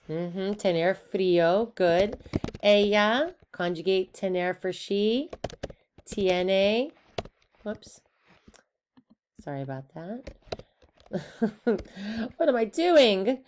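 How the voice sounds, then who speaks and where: A woman with a lowish voice teaches a recorded lesson at an unhurried pace. She is upbeat and playful, putting questions to her students and then answering them herself. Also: darkish tone, a little hiss or hum. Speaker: Spanish teacher.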